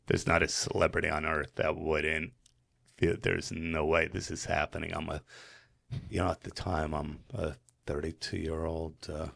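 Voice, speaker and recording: A man from New Jersey, a podcast guest, telling a story in earnest, animated style with frequent fillers. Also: extremely low pitch, normal speed, vocal fry. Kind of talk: emotional storytelling in conversation.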